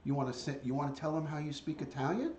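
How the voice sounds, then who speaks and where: A man livestreaming with his pet parrot, chatting casually to viewers and coaxing the bird in high sing-song calls. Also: quick pace, darkish tone, highs cut off. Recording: echoey room with faint ambient noise.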